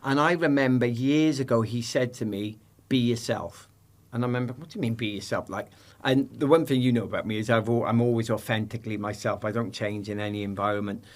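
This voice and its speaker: A middle-aged man, a former sprinter, talks as a podcast guest in a lively, jokey way, acting out the voices he quotes. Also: medium pitch, a little fast. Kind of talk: animated storytelling in conversation.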